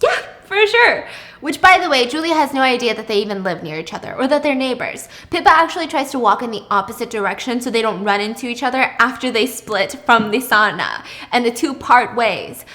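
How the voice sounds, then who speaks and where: A young woman retelling a dramatic story in a casual, chatty way, breaking off with asides to the listener. Her voice sits high and lively. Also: a little fast, few pauses. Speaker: storytelling YouTuber.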